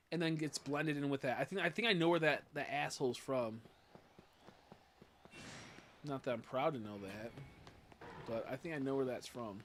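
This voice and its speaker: A man's voice: fairly high pitch, sharp tone. Crude, laughing young male streamer. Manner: laughing, crude, swears freely, playfully ranting. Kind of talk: casual live-stream chat.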